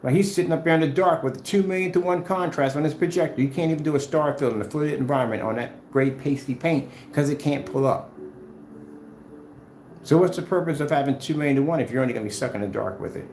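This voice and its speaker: A man's voice: fairly high pitch, fast talker, a little mellow, echoey room, slight background noise. A man talking off the cuff in a vlog, combative and repetitive, trash-talking his rivals before drifting into loose chat. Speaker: screen paint maker and vlogger.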